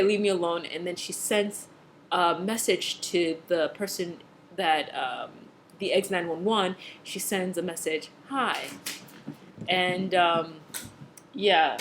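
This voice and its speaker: A woman talking casually at home as she recaps a TV episode, gossipy and full of laughs and fillers, acting out the characters' lines as she goes. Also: mid-range voice. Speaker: TV episode reviewer. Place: home room with a cat.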